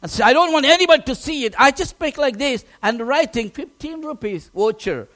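A pastor telling a personal testimony in a sermon, emotional and animated, often restarting his words. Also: extremely high pitch, a little fast.

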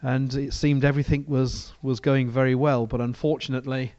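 A man's voice: medium pitch, flat delivery, a little fast, darkish tone, dry recording, muffled recording. A man preaching a sermon and reading from the Bible, talking in a conversational way with frequent restarts.

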